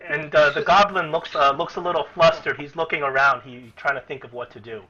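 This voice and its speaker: A man runs a tabletop game in a bright, fairly high voice, talking casually and restarting his sentences. The recording sounds dull and lo-fi. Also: steady tone, fairly quick. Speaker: game master.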